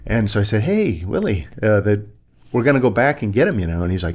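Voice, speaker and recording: A man's voice: lowish voice, big pitch swings, fast, darkish tone. A middle-aged man, a retired army pilot being interviewed, telling war stories and acting out other people's voices. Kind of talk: animated storytelling in conversation.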